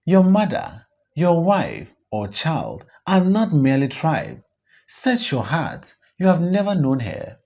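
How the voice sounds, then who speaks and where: A reader voicing a wise mother who pleads gently and earnestly with her grown son, on a dull lo-fi recording. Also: mid-range voice, huge pitch swings, slow pace, vocal fry, exaggerated voice. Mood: pleading.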